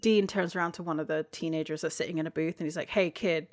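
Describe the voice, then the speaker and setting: A woman's voice: low-pitched, steady tone, quick pace. A woman co-hosting a podcast, retelling TV scenes in casual chat by quoting the characters, with frequent giggles. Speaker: podcast co-host. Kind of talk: casual chat recapping a TV episode.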